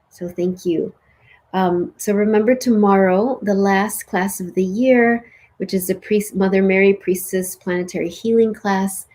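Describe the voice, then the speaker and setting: A woman with a mellow, slightly breathy voice leads a spiritual ceremony. She speaks slowly and gently in the guided parts. Between them she chats loosely with the group and often fills her sentences with "like.". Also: mid-range voice. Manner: soft, slow and soothing in meditation; chatty with many "like"s. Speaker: spiritual teacher leading a ceremony. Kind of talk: guided meditation and casual talk. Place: live online session with chat.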